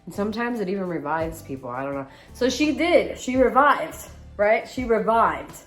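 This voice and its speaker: A woman's voice: medium pitch, normal speed, faint music behind. A young woman, a tattoo artist, telling stories in a casual vlog and acting out the voices of the people in them. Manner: animated storyteller, reenacts voices.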